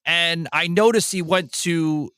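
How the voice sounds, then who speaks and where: Male podcast host, casual, profane, animated storyteller, fairly high voice, bright tone. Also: takes it slowly, smooth, dry recording.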